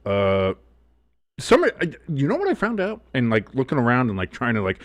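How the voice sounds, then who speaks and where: A man's voice: mid-range voice, fairly quick, no room sound. A man hosting a casual live sports talk show, rambling and swearing freely with lots of fillers. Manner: rambling, profane, animated.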